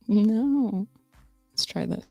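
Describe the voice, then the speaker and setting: A woman hosts a casual livestream, chatting loosely with viewers while she fiddles with her audio settings. Her mid-range voice is gravelly and dark in tone, and there is no echo.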